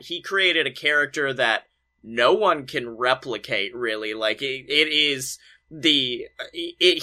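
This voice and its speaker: A man co-hosting a casual podcast chat, excitable and swearing freely, acting out quotes with loud outbursts. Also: mid-range voice. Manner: excitable, swears a lot, acts out quotes with big shouts. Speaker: podcast co-host. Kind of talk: casual chat about wrestling.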